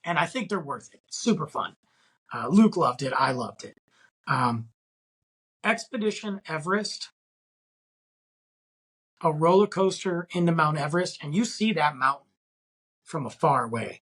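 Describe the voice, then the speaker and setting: A man's voice: a little high, animated, measured pace, pauses often, a bit bright, slightly rough, poor audio. A middle-aged man hosting a casual solo podcast, telling a story in a rambling way with lots of fillers. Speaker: podcast host.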